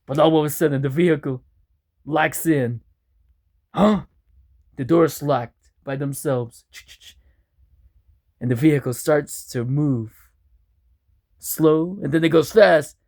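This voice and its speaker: A man's voice: a little high, no echo, studio quality. A man telling an improvised spooky, funny story with many restarts and asides. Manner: unhurried, animated, with restarts.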